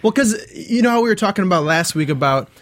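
A man's voice: high voice, expressive, quick pace, fairly bright tone. A man co-hosting a podcast in casual chat, laid-back and chuckling. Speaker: podcast co-host.

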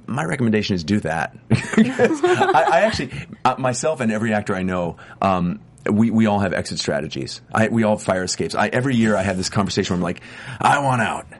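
A man's voice: fairly low pitch, big pitch swings, quick pace. A middle-aged man, an actor chatting as an interview guest, rambling with many restarts and stammers. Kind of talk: casual chat.

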